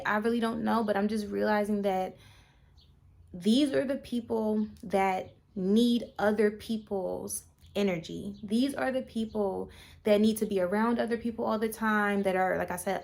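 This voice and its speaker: Creaky-voiced woman musing in a vlog. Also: mid-range voice, darkish tone. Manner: meandering, reflective, with fillers. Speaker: vlogger. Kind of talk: casual spiritual vlog talk.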